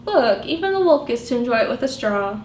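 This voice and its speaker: A woman librarian reading picture books aloud to young children, animated and sing-song, asking them questions as she goes. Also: on the high side, a little fast. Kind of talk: storytime read-aloud for children. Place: library room. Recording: echoey room with faint background noise.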